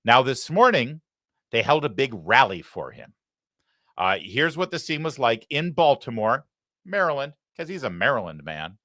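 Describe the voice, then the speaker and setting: A man's voice: mid-range voice, sing-song, moderate pace, a bit bright, no room sound. A man hosting a live political commentary show, talking in a sarcastic, mocking way into a studio microphone. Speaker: talk show host.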